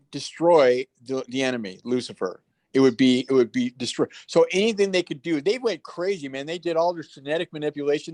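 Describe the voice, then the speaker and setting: Guy telling stories on an interview call, lively, does the voices, dry sound. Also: fairly high pitch, dry recording. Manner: animated storyteller, acts out quoted voices. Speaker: guest, actor. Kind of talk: casual storytelling interview.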